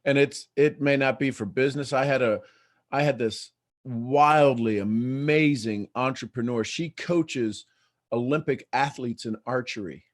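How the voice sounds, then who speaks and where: A man hosting a casual morning livestream, talking in an animated way and laughing often. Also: mid-range voice, unhurried. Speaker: host.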